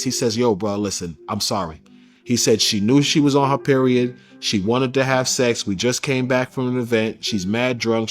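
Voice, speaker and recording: In an interview, a man with a medium-pitched voice candidly recounts a personal story using slang, getting animated whenever he quotes others.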